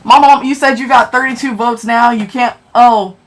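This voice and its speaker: A woman's voice: on the high side, fairly even intonation, normal speed. A woman hosting a casual livestream, chatting with viewers, answering them by name and often checking in with "okay?". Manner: chatty, keeps tagging lines with "okay?". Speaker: livestream host.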